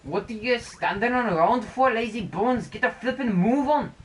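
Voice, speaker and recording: A woman's voice: on the high side, lively intonation, normal speed, pitched above the performer's own voice, lightly acted, rough recording. A woman putting on a brash fairy man. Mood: bossy. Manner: bossy, rough-talking, shouty. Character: cheeky male fairy sidekick, brash and blunt. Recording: game music playing under the voice.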